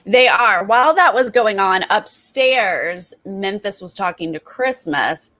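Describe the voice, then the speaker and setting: A woman's voice: medium pitch, lively intonation, slow, pushed and bright. A woman co-hosting a casual chat show, recapping events and acting out quotes in put-on voices. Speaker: podcast co-host.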